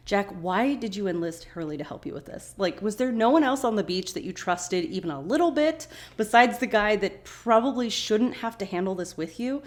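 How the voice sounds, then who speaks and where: A woman hosting a podcast, recapping a TV episode in a casual, chatty way. She talks with animation and acts out the characters' lines. Her voice sits at an ordinary middle pitch. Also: lively intonation, normal speed, hardly any pauses. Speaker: podcast host.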